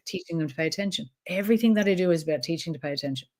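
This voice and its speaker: A woman's voice: low voice, rapid-fire, darkish tone. A middle-aged woman with an Irish accent, a trauma expert talking casually as an interview guest, chatty with laughing asides. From Ireland.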